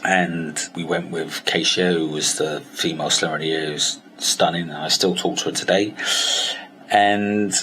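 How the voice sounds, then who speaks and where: A man's voice: deep voice, normal speed, slight background noise. A man from Somerset, telling a personal story in a candid, sweary way and acting out both sides of conversations. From Somerset, England. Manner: candid, sweary, acts out dialogue with animated voices. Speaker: weight-loss coach.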